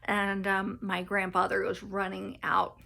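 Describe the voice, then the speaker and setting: A woman recounts her own story in a personal vlog. Her voice is bright with a gravelly edge, and she talks hesitantly, full of ums and restarts. She stays close to tears and covers the hard parts with nervous laughter. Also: medium pitch, monotone, a little slow. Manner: hesitant, many fillers and restarts; laughs nervously at painful moments. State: emotional, near tears. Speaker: vlogger telling her life story.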